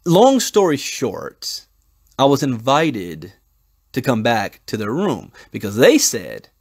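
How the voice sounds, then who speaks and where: A man in his forties with a mid-pitched voice talks casually on his own channel. He reads a piece aloud, then wanders off into loose asides and anecdotes. He often restarts a phrase and chuckles as he goes. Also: wildly swooping pitch, slow, breathy edge. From United States. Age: 40s. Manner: rambling and thinking out loud, with frequent restarts and chuckles. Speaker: crypto channel host. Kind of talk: casual commentary, reading an article aloud and breaking off to tell stories.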